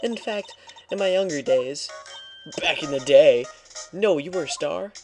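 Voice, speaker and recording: A man's voice: a little high, animated, unhurried, over music. A man voicing a bossy, gossipy old woman security guard in a video game read-through, talking in a nagging, self-important way. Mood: reminiscing.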